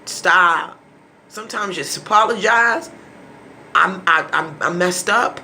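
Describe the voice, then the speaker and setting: A man giving an impassioned monologue to his viewers, pleading and preachy, often sinking to a hushed near-whisper and stumbling over repeated words when emotional. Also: high-pitched, a little slow, background noise. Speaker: vlogger.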